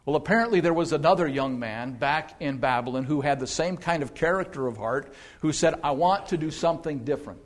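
A pastor preaching a sermon, stressing single words, asking rhetorical questions and slowing down to read scripture aloud. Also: male voice, on the high side.

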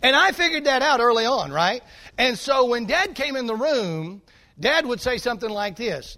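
A male pastor preaching a sermon, telling a folksy, animated story and calling out to the congregation. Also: very high-pitched, moderate pace.

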